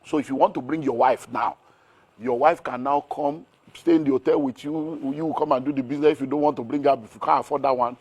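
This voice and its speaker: Middle-aged Nigerian man, business-mentor guest; rapid and energetic, keeps asking "how do you" questions. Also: medium pitch. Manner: energetic, piles up rhetorical questions. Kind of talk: animated interview talk.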